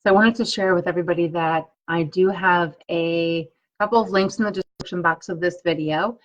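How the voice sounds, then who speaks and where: A woman coaching energy tapping on a live stream, guiding slow repeated affirmations and chatting encouragingly with viewers. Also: fairly low pitch, steady tone, muffled recording. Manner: warm, encouraging chat with viewers.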